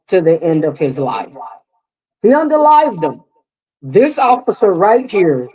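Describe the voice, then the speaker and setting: A woman's voice: mid-range voice, darkish tone, poor audio. A woman hosting live reaction commentary, emphatic and repetitive, speaking straight to her viewers. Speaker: commentary host.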